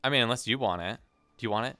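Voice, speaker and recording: Roleplayer, bright tone, smooth clear voice, swears a lot, dry close mic. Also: female voice, a bass voice, rapid-fire, no room sound, faint music behind. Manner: swears often, groans at a headache. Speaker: roleplayer running a shop. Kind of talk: casual in-character chat mixed with complaints about the game.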